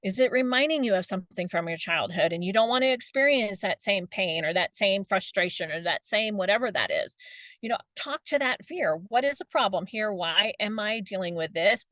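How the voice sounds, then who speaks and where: A woman's voice: medium pitch, animated, a little fast, a bit bright, dry recording. A middle-aged woman giving a motivational talk as a coach, chatty, laughing often and tagging her points with "right?".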